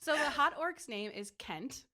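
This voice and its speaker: A woman's voice: high voice, expressive, measured pace, bright, forceful tone. A woman co-hosting a podcast, retelling a book's plot in a chatty, storytelling way with lots of little fillers. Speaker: podcast co-host. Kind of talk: casual book recap chat.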